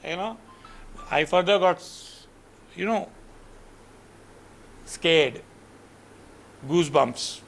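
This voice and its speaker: A man's voice: sits high, extremely slow, pauses often, slight background noise. A man with an Indian accent giving a motivational storytelling lecture to students, earnest and full of "you know" asides. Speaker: guest lecturer.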